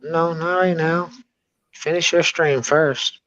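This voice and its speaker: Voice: medium pitch, steady tone, slow pace, a bit bright. A wisecracking panel guest on a livestream, speaking in a teasing way. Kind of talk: casual livestream chat. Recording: dull, dry lo-fi mic.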